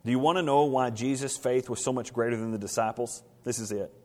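A man preaching a sermon, swinging from hushed to loud, rising passages and asking the congregation rhetorical questions. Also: mid-range voice, brisk. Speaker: pastor. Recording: reverberant hall.

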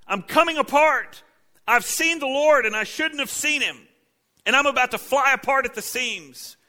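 A man delivering a sermon in a bright, forceful voice set a little high for a man. He preaches with drama, dropping to hushed, low phrases and then rising into loud, pleading cries. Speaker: pastor.

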